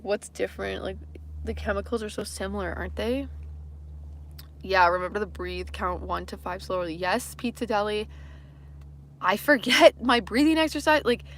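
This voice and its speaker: A woman's voice: medium pitch, fairly bright tone, slight background noise. A young woman from western Canada with a light Canadian accent, chatting casually on a livestream and answering comments in a rambling, self-deprecating way. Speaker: livestream host.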